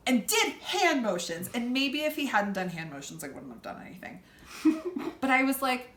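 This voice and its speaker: Loud, animated young woman telling a story. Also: mid-range voice, moderate pace. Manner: loud, animated, swears a lot, acts out quoted people. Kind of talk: casual storytelling. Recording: echoey room, faint background hum.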